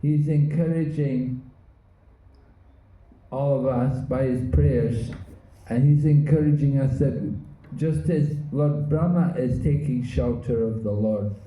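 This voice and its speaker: A man teaching a scripture class, speaking slowly and deliberately, often pausing to search for words. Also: mid-range voice, mellow. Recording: echoey room, phone-like lo-fi sound.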